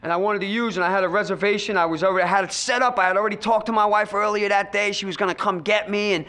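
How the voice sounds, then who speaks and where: Middle-aged man, recovery speaker; high, bright voice, emphatic and repetitive, addresses the audience directly. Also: steady tone, rapid-fire. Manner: emphatic storytelling, repeats phrases for effect. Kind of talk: personal recovery testimony to an audience.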